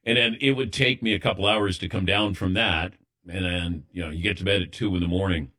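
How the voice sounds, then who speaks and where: A middle-aged man hosting a sports radio show in relaxed, conversational banter. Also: low voice, brisk.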